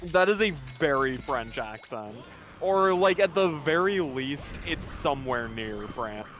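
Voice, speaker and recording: A man's voice: medium pitch, animated, a little slow, a bit bright, soft background music. A young man co-hosting a casual podcast, explaining things in a meandering way with fillers and casual swearing. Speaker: podcast co-host. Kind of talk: casual chat.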